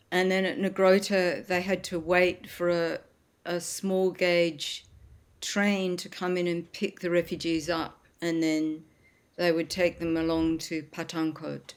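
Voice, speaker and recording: A woman guest in a casual interview, recounting family stories and searching for words as she goes. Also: on the low side. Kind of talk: casual storytelling in conversation.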